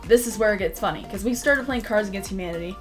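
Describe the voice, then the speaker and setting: A woman's voice: mid-range voice, quick pace, music in the background. A young adult woman vlogger telling a rambling, laugh-filled story in casual talk, swearing freely.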